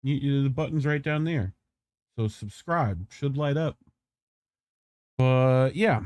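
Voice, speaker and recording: Dude co-hosting a news stream, casual and rambly, dry close sound, regular pitch. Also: male voice, takes it slowly, darkish tone, no echo. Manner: chatty, loose, with many fillers. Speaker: news show co-host. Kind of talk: casual commentary on a livestream.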